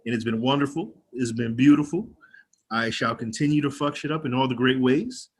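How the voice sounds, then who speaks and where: A man's voice: medium pitch, fairly quick, breathy edge. A young man with a twang in his voice, a county legislator giving a candid, rousing speech over a video call and swearing freely. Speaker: county legislator speaking to an activist group. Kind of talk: personal speech at an online meeting.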